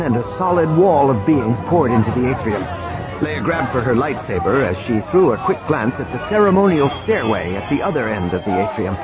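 A man narrates an audiobook with a lively, rising and falling delivery. His reading is dramatic and expressive. Music runs under a dull, lo-fi recording. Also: mid-range voice. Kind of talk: scripted narration.

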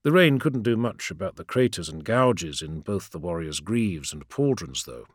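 A man narrating a story in a measured, dramatic storytelling manner. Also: sits low, big pitch swings, no echo, clean studio sound. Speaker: audiobook narrator. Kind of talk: scripted narration.

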